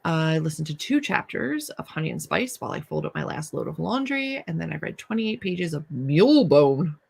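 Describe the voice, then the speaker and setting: Woman streamer, kinda gravelly, rambling chat and reading out comments. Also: sits low, big pitch swings, normal speed, a little mellow. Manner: chatty, reads viewer comments aloud. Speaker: livestream host. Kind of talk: casual livestream chat.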